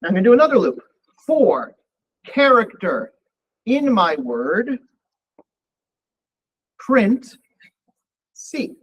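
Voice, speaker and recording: In a rough recording, a husky, high-pitched male voice moves slowly with frequent pauses. He's a college instructor giving a live coding lecture, calmly thinking aloud as he types and runs code.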